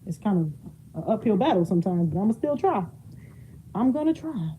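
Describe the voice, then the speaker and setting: A woman's voice: a little high, sing-song, moderate pace, pauses often, warm tone, slight background noise, poor audio. A young woman chatting casually while she cleans her home, laughing often and drifting away from the mic as she moves. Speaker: vlogger. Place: home, moving around rooms.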